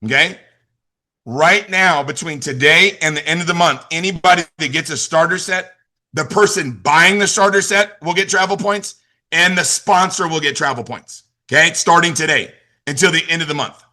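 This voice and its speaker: A middle-aged man leading a motivational team call, energetic and repetitive, asking questions and answering them himself. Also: fairly high pitch, moderate pace. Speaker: team leader and youth football coach.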